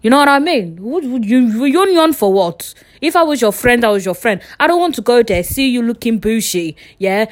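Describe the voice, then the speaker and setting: A young woman chatting casually on her podcast, frank and jokey, swearing freely and talking straight to her listeners. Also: brisk. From England. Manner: lively swings in pitch and loudness. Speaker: podcast host.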